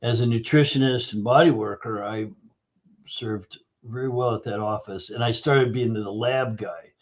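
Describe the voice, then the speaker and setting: Lively storytelling man, dull audio. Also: medium pitch, normal speed. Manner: animated storyteller acting out dialogue. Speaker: guest, nutrition practitioner. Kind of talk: storytelling interview answer.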